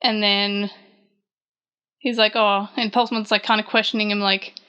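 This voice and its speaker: A woman's voice: medium pitch, flat delivery, moderate pace, pushed and bright, clean tone, lo-fi sound. A woman hosting a casual recap show, retelling scenes in a chatty way and lifting her voice for the quoted lines. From Australia. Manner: frequent fillers and restarts, chatty. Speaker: podcast host recapping a manga chapter.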